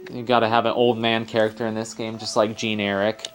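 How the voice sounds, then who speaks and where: A man's voice: fairly low pitch, little pitch movement, brisk, few pauses, fairly bright tone, faint music behind. A young man hosting a let's play, giving casual, rambling commentary and correcting himself as he goes.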